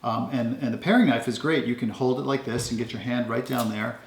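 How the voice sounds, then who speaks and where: A man casually showing off his kitchen knives at home, talking in a relaxed, rambling way with lots of ums. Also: mid-range voice, brisk, creaky, roomy sound. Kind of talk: casual show-and-tell.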